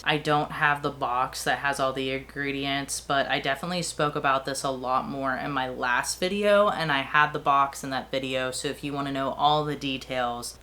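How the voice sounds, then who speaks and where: A young woman talking casually and quickly, filling her talk with "like" as she reviews beauty products she has used up. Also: low-pitched, bright, forceful tone. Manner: chatty, fast-talking with fillers. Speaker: beauty vlogger.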